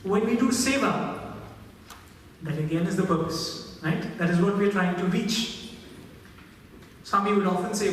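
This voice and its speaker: A man's voice: sits high, a little hiss or hum. A man giving a devotional talk, telling stories and checking in with his audience. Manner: storytelling, often adds "right?". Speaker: spiritual speaker. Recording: echoey hall from far off.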